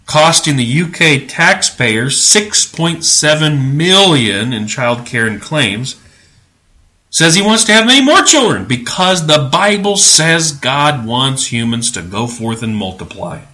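A male podcast host delivering religious commentary with a bright, forceful voice. He talks in a sarcastic, preachy way and leans hard on his points with indignant emphasis. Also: a little high, expressive, measured pace.

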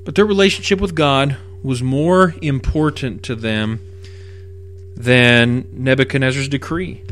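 A man's voice: mid-range voice, a little slow, a bit bright, faint music behind. A man teaching the Bible verse by verse, reading scripture aloud and then explaining it in a casual, emphatic way.

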